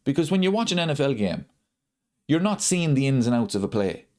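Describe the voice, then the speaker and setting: A man's voice: mid-range voice, big pitch swings, fairly quick, darkish tone. A man hosting a live football watchalong, ranting and repeating his points for emphasis. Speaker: host of a football watchalong channel. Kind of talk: live stream chat.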